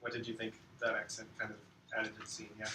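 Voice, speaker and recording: A man's voice: fairly low pitch, completely flat delivery, fast talker. A male teacher leading a class discussion and prompting his students with questions. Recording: roomy, distant, noisy classroom recording.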